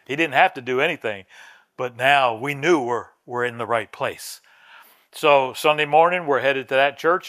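A man preaching in a casual, storytelling voice at a middle pitch. His delivery is animated, and he climbs high and loud at emotional moments. The sound is close and dry, with little room echo. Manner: animated, rises high and loud when voicing an old woman's quoted words; casual, conversational delivery with frequent restarts. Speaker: pastor. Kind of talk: sermon storytelling.

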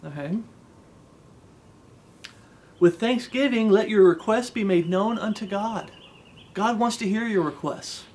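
A man's voice: high-pitched, measured pace, pauses often, darkish tone. A man giving an informal devotional sermon in an earnest, conversational way, reciting old-style scripture and often checking in with his listeners. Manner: recites King James scripture aloud. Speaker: preacher.

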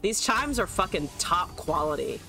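Give me a slangy stoner dude hustling on the side, as a woman puts him on, with a lively, bouncy delivery. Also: on the low side, moderate pace, gravelly, faint music behind, heavily acted. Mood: hushed hustling. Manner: slangy, conspiratorial. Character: laid-back stoner dude pushing chimes.

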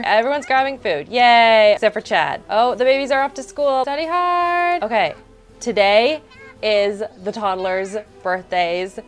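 Young woman chattering through her sims game, excitable, mid pitch, faint music behind. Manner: chatty, excitable, narrating each step aloud. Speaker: gaming YouTuber, host. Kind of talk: casual gameplay commentary.

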